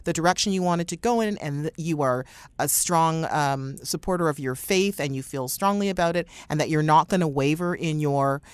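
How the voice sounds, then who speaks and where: Low-voiced woman hosting a podcast interview. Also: normal speed, clear, resonant tone, no echo. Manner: warmly encouraging, affirming. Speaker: podcast host.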